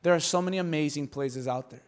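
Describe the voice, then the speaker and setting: Animated high-voiced male pastor. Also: quick pace. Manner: animated, humorous asides, acting out dialogue. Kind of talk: conversational sermon.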